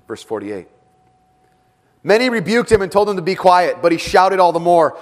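A man preaching a sermon as pastor, dramatic in delivery and often dropping to a hush for emphasis. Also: high-pitched, very animated, quick pace. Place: church with several rooms.

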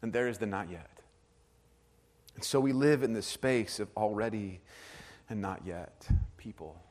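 A man in his thirties preaching a sermon, earnest, moving between hushed and animated storytelling. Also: lowish voice, measured pace. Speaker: pastor. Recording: hall with long reverb.

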